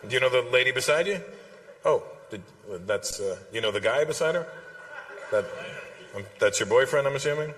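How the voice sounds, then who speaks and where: Male stand-up comic, teasing crowd work, bright tone, live hall reverb. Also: medium pitch, lively intonation, fairly quick, long pauses, a little hiss or hum. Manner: teasing, chatty, swearing. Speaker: stand-up comedian.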